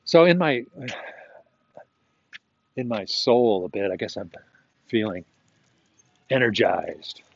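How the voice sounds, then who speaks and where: A man's voice: on the low side, big pitch swings, takes it slowly, vocal fry, pauses often, no room sound. Rambling man on a muffled walking podcast. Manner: chatty and self-talking, chuckles often. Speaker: podcast host. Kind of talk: rambling casual monologue. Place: outdoors, walking a dog.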